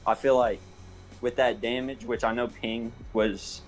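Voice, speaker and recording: A man being interviewed about his match, talking in a relaxed, slangy way. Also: mid-range voice, unhurried, soft background music. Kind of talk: casual chat.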